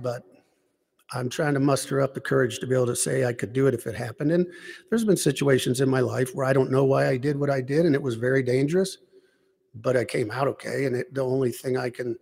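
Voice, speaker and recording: A man giving a rambling personal faith testimony, halting with many restarts and asides. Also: mid-range voice, gravelly, a little mellow, in a large hall. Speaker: lay speaker giving personal witness.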